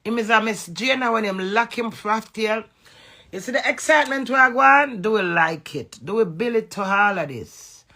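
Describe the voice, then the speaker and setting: A middle-aged Jamaican woman in a heated, profane rant aimed at her husband, confrontational and forceful. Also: fairly high pitch, lively intonation, normal speed, creaky. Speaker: social media personality. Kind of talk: angry rant to camera.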